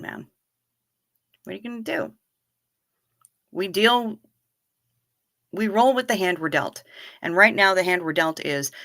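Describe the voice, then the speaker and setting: Middle-aged woman, livestream host, casual animated storytelling, close dry sound. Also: on the low side, no room sound. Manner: animated storyteller, talks straight to viewers. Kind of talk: casual chat reading viewer comments.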